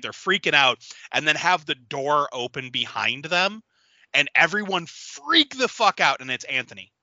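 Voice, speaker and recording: A man chatting eagerly through story ideas and breaking into character voices. His voice is pitched a bit high, lively and very bright. The sound is dry and a little dull. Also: normal speed, no echo. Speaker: co-writer planning a horror story. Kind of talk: casual brainstorming chat.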